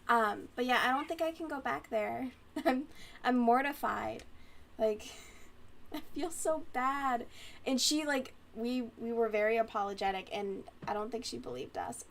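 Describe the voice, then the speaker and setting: A woman's voice: fairly high pitch, unhurried, vocal fry, slight background noise. A woman hosting a crochet livestream, chatting casually and rambling as she reads comments aloud, often giggling.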